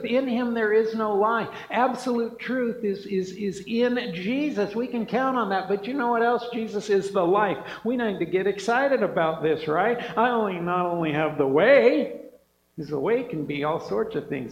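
A male preacher delivering an enthusiastic, emphatic sermon, often punctuating lines with "man" and "right?". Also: sits high. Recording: echoey hall, dull sound.

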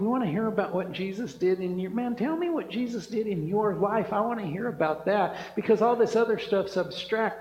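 High-voiced, excited male preacher. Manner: enthusiastic, emphatic, repeats "man" and "right?". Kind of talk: sermon. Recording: echoey hall, dull sound.

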